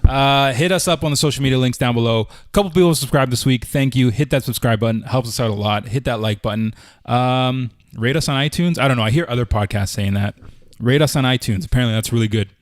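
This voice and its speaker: A man's voice: medium pitch, quick pace, no echo, clean studio sound. A man co-hosting a podcast, telling a story in a loose, rambling way full of "like" and "I'm like". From Canada. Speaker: podcast co-host. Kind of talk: casual podcast chat.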